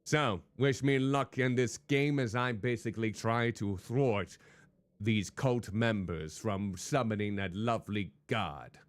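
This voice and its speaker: Low-voiced man in a noir private-eye voice. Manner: chatty, greets viewers by name. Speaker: streamer. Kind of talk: live game-stream commentary. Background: faint background music.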